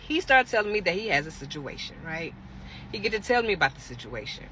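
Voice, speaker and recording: Animated young woman telling a dating story. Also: lowish voice, fast talker, a little hiss or hum. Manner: animated, dramatic, talks straight to viewers. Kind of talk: casual storytelling vlog.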